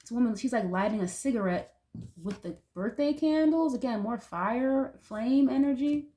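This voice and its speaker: A tarot reader does readings for her viewers in a chatty, loose style, leaning heavily on "like" and swearing occasionally. Her voice is a little high and mellow, at a moderate pace.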